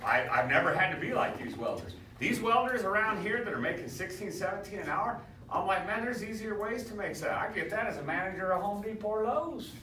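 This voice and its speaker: A man's voice: high voice, animated, a little fast, bright, forceful tone. A male welding instructor who lectures his class in a swaggering storytelling way and quizzes his students as he goes. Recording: echoey classroom, far from mic, faint hiss.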